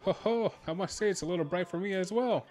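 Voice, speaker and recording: A man's voice: high-pitched, quick pace, darkish tone, faint music behind, voice pushed up, lightly acted. A man voicing a polite, fussy small male creature companion from a game, chuckling and genteel.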